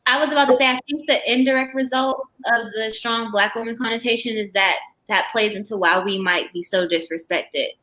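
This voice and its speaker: Bright-voiced woman speaking candidly. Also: fairly high pitch, fairly even intonation, a little fast, poor audio. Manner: candid, emphatic, laughs between points. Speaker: panel guest. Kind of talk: casual panel discussion.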